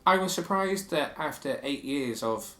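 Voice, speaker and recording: A man's voice: fairly high pitch, expressive, measured pace, pushed and bright. Opinionated man chatting, roomy sound. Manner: opinionated, reads quotes aloud. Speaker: podcast co-host. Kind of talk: casual chat.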